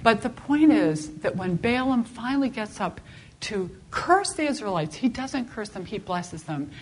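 A woman teaching a Bible class in a conversational, expressive way, often restarting her sentences. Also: on the high side, measured pace, a little hiss or hum. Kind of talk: informal Bible class lecture.

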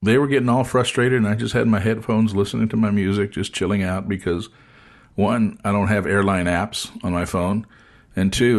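A man hosting an interview, telling a travel story in a relaxed, chatty way and acting out the people in it. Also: on the low side, normal speed. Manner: animated storyteller acting out dialogue. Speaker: podcast host.

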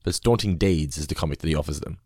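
A man's voice: a bass voice, racing, husky, no echo, clean studio sound. A man, co-hosting a podcast and casually recapping a cartoon episode. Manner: relaxed, recapping, chuckles often. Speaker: podcast co-host.

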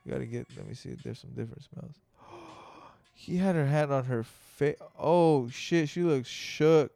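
A young man hosting a podcast, talking in a gravelly, profane rush of excited riffs. His voice is dry and close to the mic, with no room sound. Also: mid-range voice, moderate pace, no room sound. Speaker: podcast host. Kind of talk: casual chat.

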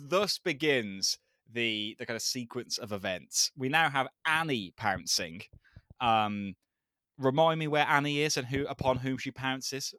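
A man in casual podcast chat, walking through scenes with an amused, easygoing manner. His voice sits at an ordinary middle pitch. The recording is close and dry, with almost no room sound. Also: pushed and bright, clean tone, dry recording. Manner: amused, recaps scenes with a chuckle. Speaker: podcast co-host.

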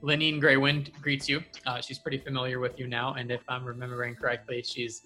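A man running a tabletop game as game master, narrating in a relaxed, hesitant way with frequent ums. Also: mid-range voice, a little fast, faint music behind.

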